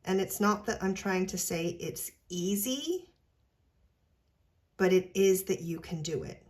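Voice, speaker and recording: A woman giving an unscripted spiritual tarot reading, earnest and gently encouraging, who ends many sentences with a questioning "right?". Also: on the low side, expressive, measured pace. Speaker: tarot reader.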